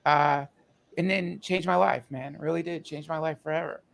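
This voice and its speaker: A man telling a personal story in casual conversation, halting and emotional, with many restarts and fillers. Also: on the high side, fairly even intonation, vocal fry, a bit bright. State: tearful.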